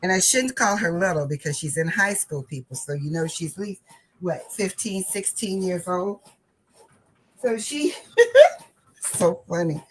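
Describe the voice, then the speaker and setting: A woman's voice: on the low side, unhurried, pauses often, a little hiss or hum, rough recording. A woman hosting a crafting channel, telling a casual story and often laughing while she talks.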